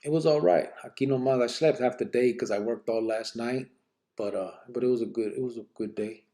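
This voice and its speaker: A man hosting a live podcast, reading listener questions and telling stories in relaxed street slang sprinkled with Spanish words. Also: mid-range voice, brisk. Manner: reads out listener questions and answers them. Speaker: podcast host. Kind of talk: live podcast, casual storytelling.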